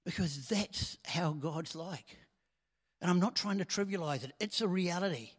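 A man preaching a sermon in a conversational way that swells into loud emphasis. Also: a little high, measured pace, slightly rough. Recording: long hall reverb.

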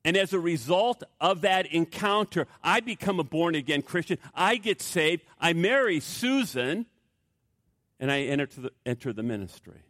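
Man, pastor, sermon, emphatic, repeats phrases, raised then hushed, higher voice, dry sound. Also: animated, moderate pace, no echo.

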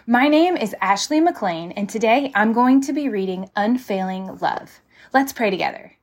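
Young mom, fairly high voice, heartfelt prayer and devotional reading. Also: female voice, expressive, moderate pace. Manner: heartfelt, prayerful, repeats "God" and "Father". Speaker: devotional podcast host.

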